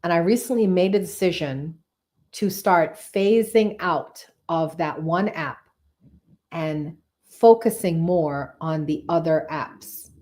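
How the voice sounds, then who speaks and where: A woman's voice: lowish voice, slow, darkish tone. A woman hosting a live-stream tarot reading, chatty and enthusiastic, repeating phrases for emphasis and talking straight to her viewers.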